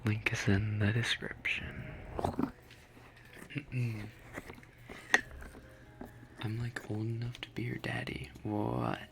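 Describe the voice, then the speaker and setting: A young man in his twenties, whispering softly into a close mic as an ASMR streamer reading chat questions. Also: fairly low pitch, flat delivery, slow pace, creaky, long pauses, very noisy.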